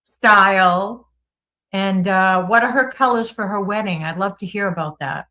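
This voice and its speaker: A woman's voice: medium pitch, measured pace, pushed and bright, low-quality recording. A woman with a Boston accent hosting a livestream, reading viewer comments aloud and answering them in an upbeat, gushing way. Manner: reads viewer comments aloud and responds chattily. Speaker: livestream host reading chat. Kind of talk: casual chat.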